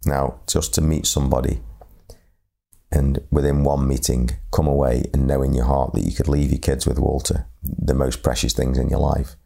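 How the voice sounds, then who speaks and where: A man with an extremely deep, gravelly voice speaks slowly in a flat, even tone. He tells a reflective story, often stalling and repeating words as he feels his way forward. His voice has a dark, mellow color. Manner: halting, repeats words, slow and measured. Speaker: speaker sharing lessons on leadership.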